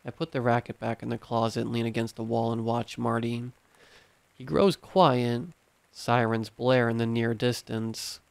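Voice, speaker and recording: A man reading horror stories aloud in measured, steady scripted narration. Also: medium pitch, gravelly, dry recording.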